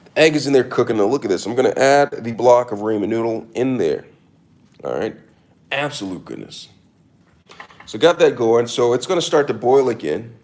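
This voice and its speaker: A man's voice: mid-range voice, expressive, brisk, darkish tone. A man doing a casual cooking demo in his kitchen, hamming it up with mock-serious tips and repeated catchphrases. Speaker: cooking vlogger. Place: home kitchen.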